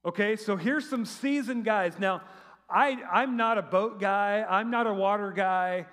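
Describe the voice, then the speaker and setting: A middle-aged man with a high voice preaches a relaxed, conversational sermon. He talks in an animated, chatty way, trips over restarts and throws in sarcastic asides. His voice rings with the long reverb of a big church hall. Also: a little slow. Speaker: pastor.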